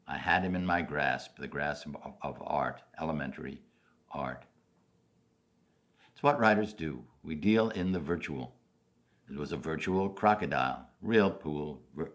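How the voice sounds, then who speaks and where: An older man from New York City giving a commencement speech as an animated storyteller, swinging from loud highs to soft asides. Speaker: commencement speaker.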